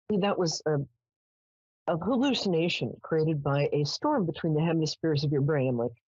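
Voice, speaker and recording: Low, husky woman hosting psychic radio. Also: expressive, normal speed, a little mellow, no echo, lo-fi sound. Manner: chatty, affectionate, rambling. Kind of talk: casual storytelling and live call-in readings.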